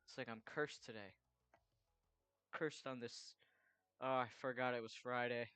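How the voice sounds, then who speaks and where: Guy drawing and rambling to chat, smooth bright voice, dry close sound. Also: medium pitch, fairly even intonation, a little slow, no room sound. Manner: rambling, chatty, swears freely. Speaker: artist drawing commissions. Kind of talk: casual chat while drawing.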